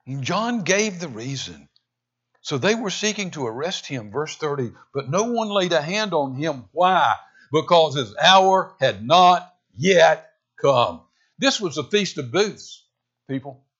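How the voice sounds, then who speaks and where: A man preaching a sermon, swinging between loud, emphatic lines and hushed, intense ones. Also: fairly high pitch, sing-song, unhurried, breathy edge, highs cut off. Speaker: pastor.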